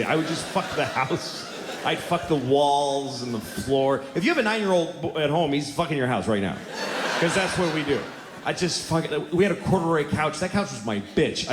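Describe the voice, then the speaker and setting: Lively, blunt man doing stand-up. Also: fairly high pitch. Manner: animated, blunt, exaggerated storytelling. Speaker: stand-up comedian. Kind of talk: stand-up comedy set. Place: theater stage before a live audience. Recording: roomy hall with audience noise.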